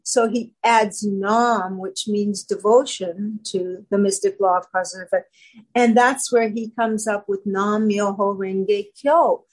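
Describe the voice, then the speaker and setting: A woman guest telling her personal story in casual talk, animated and acting out quoted voices. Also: medium pitch, slow, poor audio.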